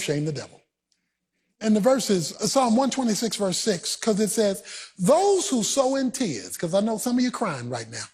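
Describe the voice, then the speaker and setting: A male pastor delivering a fervent sermon, shouting and half-singing his lines in a husky voice. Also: high voice. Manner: shouting, preaching with sung cadence.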